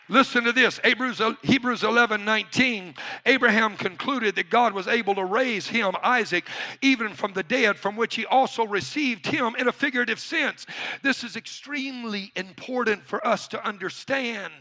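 A middle-aged man preaching to a congregation, calling on them to repeat after him and climbing into shouts. His voice sits high for a man, with a gravelly edge and a sharp, bright tone. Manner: call-and-response preaching, builds to shouting. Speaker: pastor. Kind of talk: sermon. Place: church.

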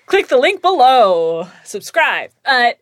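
A woman voice actor in casual chat, talking quickly and acting out the people she quotes. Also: fairly high pitch, dry recording, studio quality. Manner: chatty, animated, acts out quoted voices.

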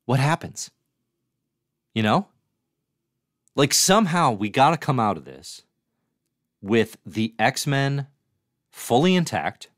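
A man's voice: medium pitch, no echo, studio quality. A man hosting a casual comics review livestream, chatty and reading viewer comments aloud. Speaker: livestream host.

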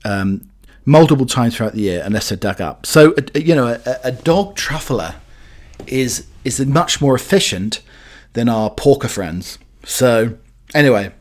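Rambling jokey man. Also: mid-range voice. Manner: chatty, jokey, meandering with many fillers. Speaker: podcast host. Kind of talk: rambling solo chat.

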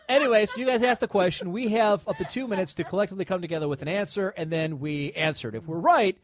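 A man hosting a podcast in casual chat. He swears freely, laughs often and trails off into fillers. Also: high voice. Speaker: podcast host.

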